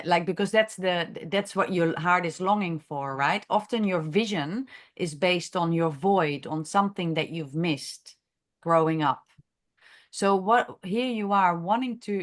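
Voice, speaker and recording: A woman who is a chiropractor, leading a masterclass discussion in an unscripted, halting way, thinking aloud with many fillers and restarts. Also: lowish voice. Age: adult, has a grown daughter. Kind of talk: unscripted teaching talk.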